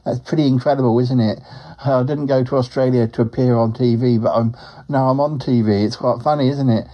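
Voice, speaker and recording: A man's voice: medium pitch, steady tone, fairly quick, highs cut off, lightly acted. A man voicing a chatty, lonely male talking duck who rambles and drops quacks into his speech. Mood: rambling. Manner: rambling, drops in quacks, laughs at own jokes. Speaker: show regular. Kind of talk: comic character monologue.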